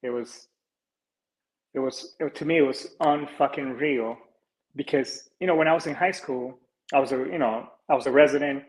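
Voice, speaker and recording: Man, forties, from Colombia, podcast host, casual monologue, rambling, earnest, many fillers, mid-pitched voice. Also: normal speed, poor audio. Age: 40s.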